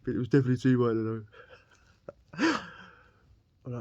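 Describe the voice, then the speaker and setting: Bloke, rambling anecdote with frequent laughs, dry, muffled lo-fi sound. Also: male voice, medium pitch, big pitch swings, moderate pace, darkish tone, no echo. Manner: rambling, laughs often, slangy. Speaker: podcast guest telling a prison story. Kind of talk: casual storytelling.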